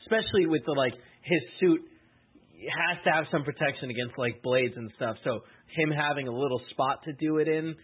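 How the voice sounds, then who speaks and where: A man's voice: fairly high pitch, fairly quick, breathy edge. A man on a podcast casually describing a film scene, filling his speech with "like". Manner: relaxed, hedging with frequent 'like'. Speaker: podcast co-host. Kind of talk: casual movie discussion. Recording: muffled phone-like sound.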